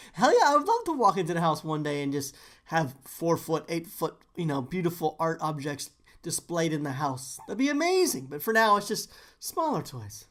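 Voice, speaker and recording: A man's voice: on the high side, sing-song, moderate pace, a bit bright. Man, podcast host, casual chat, playful, laughs a lot.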